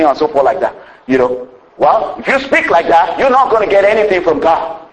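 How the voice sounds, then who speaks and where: A man preaching a sermon with fervent call-and-response exclamations, dropping to quiet asides and chuckling often. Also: lively intonation, fairly quick, reverberant, highs cut off. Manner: fervent, swings between loud exclamations and low asides, laughs often.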